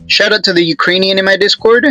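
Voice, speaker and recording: A man's voice: high-pitched, steady tone, quick pace, bright, forceful tone, faint music behind, poor audio. A man hosting his own channel, giving casual stock chart commentary in a rambling, joking way with lots of restarts.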